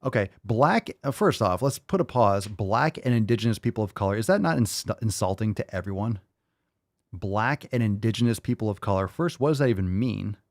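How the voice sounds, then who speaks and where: A man's voice: fairly low pitch, animated, fairly quick, a little mellow, no echo, clean studio sound. A man hosting a show, reacting to video clips with blunt, profane, mocking commentary.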